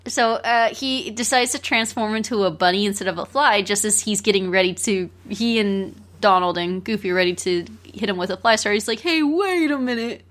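A woman's voice: medium pitch, steady tone, brisk, hardly any pauses, a bit bright. A woman casually co-hosting a podcast, animatedly retelling a cartoon plot and laughing easily. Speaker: podcast co-host. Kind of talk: casual film discussion.

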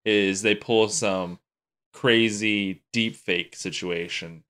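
A man's voice: on the low side, fairly even intonation, slow pace, crowd noise. A man co-hosting a podcast, talking casually about movies, with restarts and laughs. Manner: rambling, many restarts, laughs. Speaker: podcast co-host. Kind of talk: casual chat.

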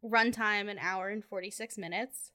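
A woman co-hosting a casual movie podcast, animated, laughing often and trailing off mid-thought. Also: medium pitch, moderate pace. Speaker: podcast co-host. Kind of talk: casual movie-review chat.

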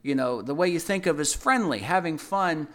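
A man's voice: on the high side, animated, moderate pace, fairly bright tone. Earnest man teaching scripture in conversation. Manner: earnest, repeats phrases, acts out everyday quotes. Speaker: Bible study co-host.

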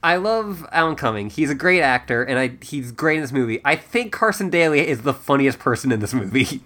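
A co-host casually talking about a movie, enthusiastic and quick to laugh. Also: mid-range voice, lively intonation, fairly bright tone. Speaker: podcast co-host.

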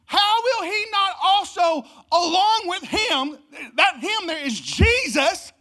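Bright, emphatic preacher giving a sermon. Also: animated, slow. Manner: emphatic, swings from loud exclamations to low hushed delivery. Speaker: pastor. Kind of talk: Christmas sermon. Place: church service.

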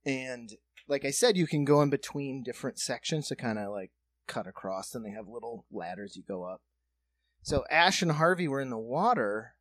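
Animated man telling a story. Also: mid-range voice. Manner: animated, acts out voices and shouts while telling a story. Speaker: podcast co-host. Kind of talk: casual storytelling chat.

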